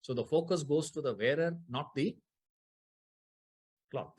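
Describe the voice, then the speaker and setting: A man's voice: fairly high pitch, unhurried, darkish tone, husky. A man teaching a scripture class, explaining Sanskrit grammar, repeating key terms and putting rhetorical questions to his listeners.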